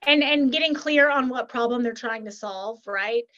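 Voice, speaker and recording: A woman speaking as a guest and relationship coach, animated and quick, often acting out bits of dialogue. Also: on the high side, highs cut off. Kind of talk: casual interview talk.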